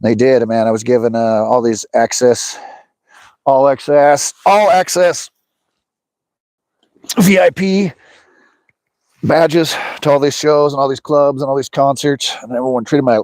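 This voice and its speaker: A man's voice: medium pitch, little pitch movement, fairly quick, hardly any pauses, darkish tone, no echo. A middle-aged American man hosting a fishing livestream outdoors, chatting loosely with his viewers and laughing often. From USA. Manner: rambling, talks to chat, laughs often. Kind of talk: casual livestream chat. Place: outdoors by a lake in the snow.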